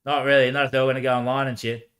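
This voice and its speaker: A man's voice: medium pitch, level tone, racing, fairly bright tone. A man talks alone on a casual livestream in an ordinary mid-range voice. He rambles loosely and trades lines back and forth with himself, peppering it with "mate" and bursts of laughter. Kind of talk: rambling solo livestream talk.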